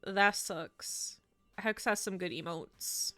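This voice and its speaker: A woman streamer chatting casually to her viewers while playing, playfully indignant, jumping between loud exclamations and grumpy mutters. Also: mid-range voice, slow, no room sound, faint music behind. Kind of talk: casual live-stream chat.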